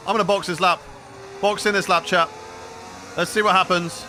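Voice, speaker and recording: A man from the UK streaming a racing game live, chatty and excitable, reading his chat aloud as he commentates. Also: sits high, normal speed, a little hiss or hum. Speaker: gaming streamer.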